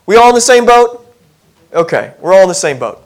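A man's voice: sits high, very animated, brisk. A male pastor giving a conversational sermon, chatty and self-deprecating, asking the congregation questions. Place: church sanctuary.

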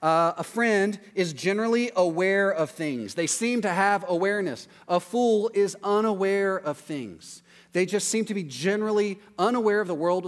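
A man preaching a casual, conversational sermon in a chatty, animated way, often tagging his points with "right?". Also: on the high side, long reverb tail.

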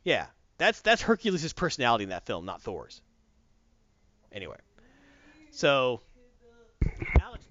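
A man casually recapping a story in an animated, rambling way, correcting himself as he goes. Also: mid-range voice, measured pace, pauses often, no echo, dull audio.

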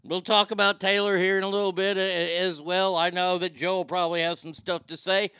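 A man's voice: high voice, level tone, a little fast, bright, forceful tone, clean tone, dry recording, clean studio sound. A man hosting a casual live chat, reading viewer comments aloud and swearing freely. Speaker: talk show host reading chat.

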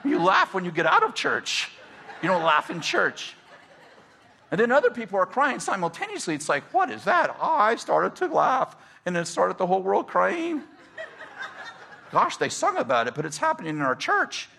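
A middle-aged man, a pastor, telling stories in a casual, animated way and laughing often as he talks. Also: high-pitched, normal speed, vocal fry, a little hiss or hum. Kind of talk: casual storytelling.

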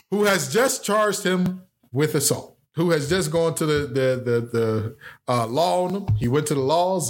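High-voiced joking podcast host, a man. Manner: animated, joking, exaggerated storytelling. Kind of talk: casual sports podcast banter.

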